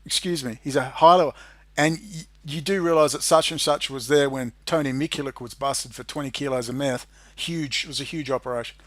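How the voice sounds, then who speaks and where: An Australian man giving an angry, swearing monologue. He drops into low muttering and then bursts into loud shouting. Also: a little fast, no echo. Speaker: independent video maker.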